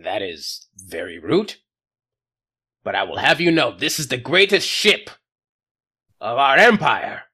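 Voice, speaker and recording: A man's voice: medium pitch, big pitch swings, unhurried, pauses often, pushed and bright, husky, full character voice. A man voicing a boastful male bird-like alien ship captain who stumbles over his grand words. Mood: offended.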